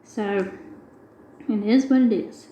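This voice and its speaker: A woman's voice: mid-range voice, slow, dark tone, roomy sound, highs cut off. Chatty woman telling a rambling story. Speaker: craft video host. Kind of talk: casual chat while diamond painting.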